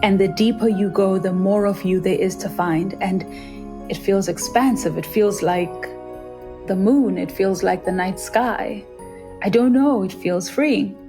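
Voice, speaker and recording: A South African woman in her thirties speaks with an earnest, vivid storytelling manner, a freediver recalling her time in the water. Her pitch sits in the middle range, and faint music runs softly underneath. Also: unhurried. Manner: earnest and vivid, acts out quoted voices in a higher pitch. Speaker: freediver, guest. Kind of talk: reflective interview storytelling.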